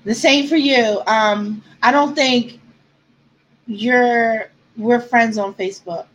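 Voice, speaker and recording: A woman's voice: on the high side, fairly even intonation, slow, highs cut off. A woman author chatting with her viewers on a livestream, answering comments and close to tears at times. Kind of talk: casual livestream chat.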